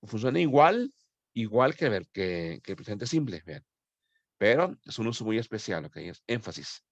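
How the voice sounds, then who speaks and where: A male English teacher works through a grammar point for his class. His pitch rises and falls a lot, and he keeps checking in with his students. The sound is dry and close, with little room echo. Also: big pitch swings, brisk, dull audio. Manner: explains patiently, checks in with "okay?" often; switches to Spanish to address his students.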